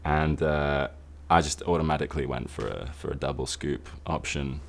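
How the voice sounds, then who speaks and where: A British man from a rock band tells a travel story in a steady, dry manner. His voice sits extremely low and barely moves in pitch. He chuckles quietly here and there. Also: normal speed, creaky. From United Kingdom. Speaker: band member. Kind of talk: casual anecdote.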